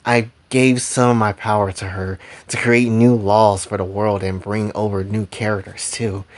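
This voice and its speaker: A man's voice: lowish voice, level tone, normal speed, lightly acted. A man voicing a serious, worried young male hero in a story recap.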